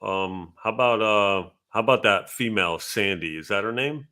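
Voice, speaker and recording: A man chatting casually on a podcast and telling animated stories, with a father's everyday voice. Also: on the low side, normal speed. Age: adult with a child. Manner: animated storytelling, acts out strangers' lines. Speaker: co-host reading super chats.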